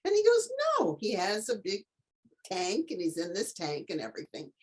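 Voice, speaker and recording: A middle-aged woman, an author and tutor, telling a story as an interview guest in an animated way and acting out the voices of the people in it. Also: mid-range voice, moderate pace.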